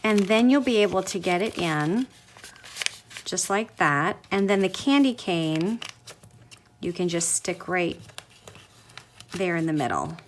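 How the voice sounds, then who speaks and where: A woman's voice: on the low side, lively intonation, takes it slowly, pauses often, slight background noise. Chatty woman demonstrating a craft project. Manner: chatty, gushing over cute results. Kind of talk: step-by-step craft tutorial.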